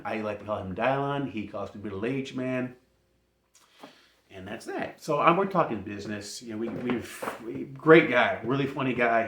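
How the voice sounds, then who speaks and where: A man telling a comic story to camera in an animated way, laughing often and insisting he isn't making anything up. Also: medium pitch. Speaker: vlogger. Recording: roomy echo.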